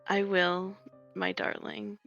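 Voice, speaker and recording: A woman voicing a devoted female prisoner who speaks hushed and tender. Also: mid-range voice, level tone, slow, vocal fry, soft background music, heavily acted. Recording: dull lo-fi audio.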